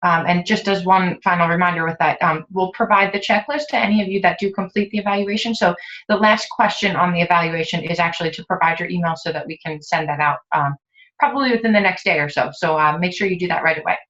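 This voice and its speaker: A woman co-hosting a webinar, giving practical reminders in a steady way, with fillers, over a video call. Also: lowish voice, quick pace, dull audio. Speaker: webinar co-host. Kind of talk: casual webinar announcements.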